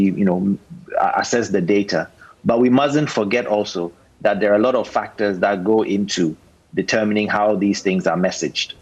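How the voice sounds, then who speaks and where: A man, a doctor guest on a news panel, giving measured, calm closing remarks. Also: fairly low pitch, slightly rough, highs cut off. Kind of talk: panel discussion on a news show.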